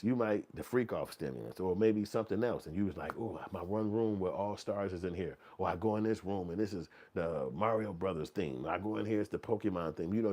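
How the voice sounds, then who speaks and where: A man with a deep, low voice holds forth in casual commentary. He tells it as a vivid story aimed at the listener, swearing freely and now and then acting out other voices. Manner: profane, vivid storytelling with second-person address; acts out quoted voices, sometimes yelling high. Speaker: channel host commenting on news.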